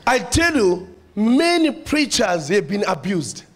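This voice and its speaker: A man preaching a sermon in church with a South African accent, animated, repeating phrases and calling out to the congregation. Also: sits high, slow pace.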